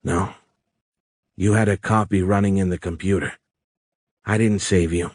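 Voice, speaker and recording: A man's voice: low voice, steady tone, moderate pace, a little mellow, no echo, studio quality. Man playing a grieving pilot major. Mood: subdued. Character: grieving male Air Force major, earnest.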